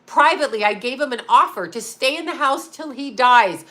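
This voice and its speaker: Pitched high and expressive, with a pushed, bright sound at normal speed, this psychic medium and astrologer in her fifties hosts her own channel. Her casual livestream talk is blunt, profane, and full of laughter.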